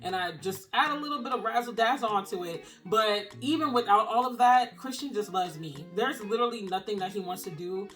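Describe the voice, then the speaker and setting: A woman's voice: medium pitch, a little fast, few pauses, fairly bright tone. A young single-mom vlogger talks straight to camera, earnest and openly emotional. Her phrasing is casual and encouraging, and faint music plays underneath her voice. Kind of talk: heartfelt encouraging talk to camera.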